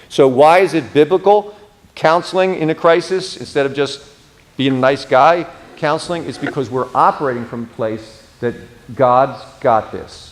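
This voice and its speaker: A man's voice: a little high, moderate pace. A man, a pastor teaching a Bible class in a conversational lecture, who acts out the words he quotes with expression and drops casual asides. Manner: casual, asides like "you know what I mean".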